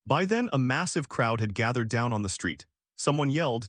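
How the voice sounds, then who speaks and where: A man narrating a scripted fantasy story recap with lively storytelling. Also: mid-range voice, moderate pace, no echo, clean studio sound.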